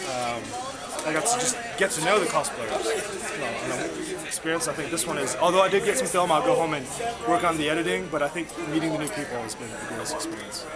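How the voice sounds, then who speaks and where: A man with a Texan accent, a videographer, rambling excitedly with restarts in an outdoor interview at night. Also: a little high, fast talker, loud music behind the voice. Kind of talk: casual interview. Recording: loud crowd outdoors.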